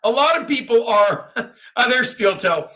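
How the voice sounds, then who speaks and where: On his livestream, a man with a very high, sharp-toned voice talks a little slowly with lively intonation. His rambling, profane rant is crude, broken up by frequent laughter as he goes through chat.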